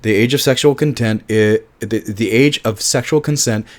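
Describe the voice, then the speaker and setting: A man's voice: fairly low pitch, moderate pace. A man giving a casual film review monologue, emphatic and passionate, swearing often and restarting his sentences.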